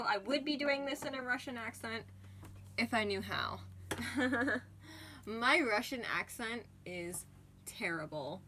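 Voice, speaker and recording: A woman's voice: fairly high pitch, sharp tone, slight background noise. A young woman cosplayer chatting and laughing as she films herself sewing at home. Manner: chatty, giggly, self-deprecating. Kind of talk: casual vlog narration while crafting.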